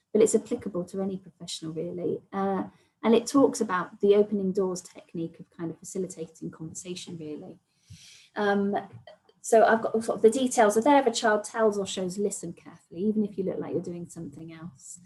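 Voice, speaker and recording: Presenting an online training, this woman speaks fairly quickly in a mid-range voice, patiently explaining and hedging with phrases like "kind of" and "sort of." The audio quality is poor.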